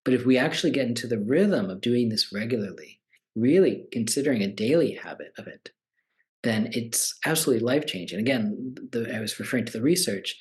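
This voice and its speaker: Man in his forties, meditation teacher, chatty and animated, middle-pitched voice. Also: fairly quick. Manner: animated, acts out quoted voices. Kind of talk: conversational talk.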